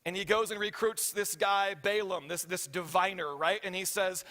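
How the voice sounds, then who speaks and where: A man preaching a sermon as pastor, telling the story with animated voices for the characters and often checking in with the congregation. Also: high-pitched, normal speed, few pauses. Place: church hall. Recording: reverberant hall.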